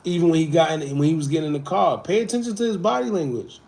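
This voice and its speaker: A man hosting a casual livestream, reading viewer comments and talking in a loose, animated way. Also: a little high, fast, gravelly. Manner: laid-back, animated, swings between loud and muttered asides. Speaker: livestream host.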